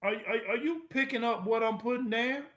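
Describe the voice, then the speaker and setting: High-voiced man lecturing with repetition. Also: fairly bright tone. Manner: preacherly, repeating phrases for emphasis; casual, drawn-out delivery with slang. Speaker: speaker presenting to an online audience. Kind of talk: emphatic lecture. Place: at a computer, sharing his screen.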